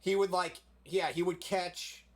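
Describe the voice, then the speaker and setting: Young man, casual storyteller, filler-heavy and loose, voice a touch higher than average. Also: fairly even intonation, a little slow. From South Florida.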